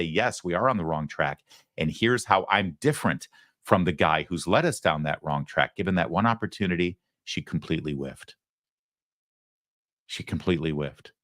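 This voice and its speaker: Male political talk host, deep voice, dry close sound, sarcastic and emphatic. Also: fairly bright tone, no echo. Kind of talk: opinionated commentary.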